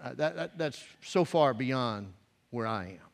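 A male pastor preaching a sermon, animated and stumbling through restarts, rising loud and dropping soft, recorded in a church sanctuary. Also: mid-range voice, a little slow, vocal fry. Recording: reverberant church hall.

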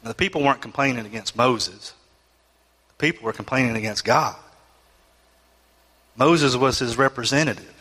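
A man's voice: medium pitch, normal speed, long pauses, pushed and bright, in a large hall. A man preaching a sermon, reading scripture and acting out the people's complaints with rising, pleading emotion. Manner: acts out complaining voices, rising emotional pleas. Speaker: pastor.

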